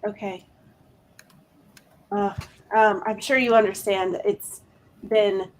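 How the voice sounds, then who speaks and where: A woman's voice: medium pitch, darkish tone, close to an everyday voice. A woman voicing a worried, protective librarian who hesitates and fills her speech with ums, in a tabletop game. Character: anxious protective woman librarian, middle-aged.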